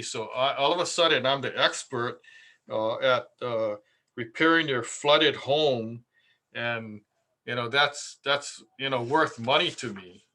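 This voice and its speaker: A man's voice: mid-range voice, pushed and bright. A man, a contractor, giving casual marketing advice through stories, chatty with many fillers and repeats. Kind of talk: casual anecdotal talk.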